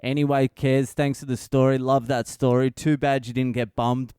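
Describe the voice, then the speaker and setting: A man's voice: mid-range voice, level tone, moderate pace, hardly any pauses, dark tone, clean tone, dry recording. A man hosting a comedic podcast, retelling a story with constant swearing, laughter and mocking asides. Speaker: podcast host.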